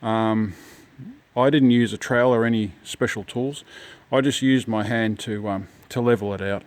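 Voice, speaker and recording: A man's voice: lowish voice, fairly even intonation, moderate pace. Rambling man showing DIY tools. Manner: rambling, many ums and restarts. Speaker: home DIYer. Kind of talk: casual DIY walkthrough.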